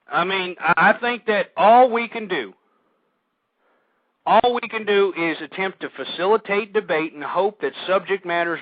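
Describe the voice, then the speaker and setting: A male talk radio host ranting through a monologue, swinging between shouting and weary sighs. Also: high voice, no echo. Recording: dry tinny phone-line audio.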